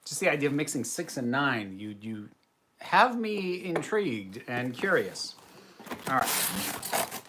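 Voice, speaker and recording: A man's voice: medium pitch, very animated, unhurried, bright, forceful tone, a little hiss or hum. A man hosting a casual livestream. He chats and answers viewer comments in a self-deprecating way. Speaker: host.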